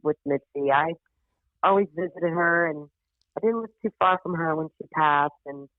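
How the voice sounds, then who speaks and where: Low-pitched and speaking at normal speed, a female comedian chats casually as a podcast guest, telling an animated story peppered with swearing and acted-out character voices. There's no room sound, though the audio is tinny and phone-like.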